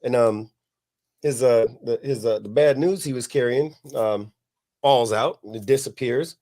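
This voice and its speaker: A middle-aged man, hosting a podcast and telling a long, profane story in a relaxed way, laughing as he goes. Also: medium pitch, measured pace. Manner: laid-back, profane, laughs at his own story. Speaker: podcast host. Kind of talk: casual storytelling.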